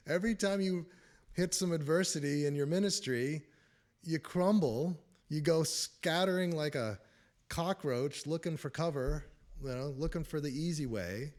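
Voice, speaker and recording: A man's voice: a little high, a little slow, a little mellow. Rambling man with frequent chuckles. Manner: rambling, chuckles often, restarts sentences. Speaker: host of a spiritual talk show. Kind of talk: casual spiritual testimony.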